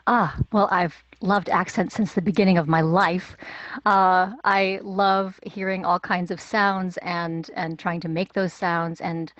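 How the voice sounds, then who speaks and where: A woman working as a dialect coach answers interview questions in a measured, explanatory way, with fillers and restarts. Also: fairly low pitch, little pitch movement, fairly bright tone, no room sound, lo-fi sound.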